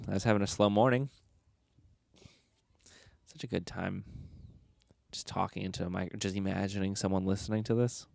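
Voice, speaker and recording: Young male podcast host, gravelly and low-pitched, joking and rambling alone at the mic. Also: darkish tone, no echo, clean studio sound. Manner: joking, rambling, self-mocking. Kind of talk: casual solo podcast chat. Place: bedroom at home. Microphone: podcast microphone.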